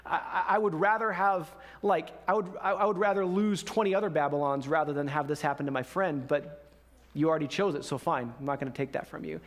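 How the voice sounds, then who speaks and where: A hot-tempered ancient king, fiercely loyal to his friend, as a preacher puts him on with an outburst pitched high. He talks in loose, modern phrasing, his voice rising sharply. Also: a little fast, close to an everyday voice. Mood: reluctant. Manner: casual modern phrasing, exclaiming.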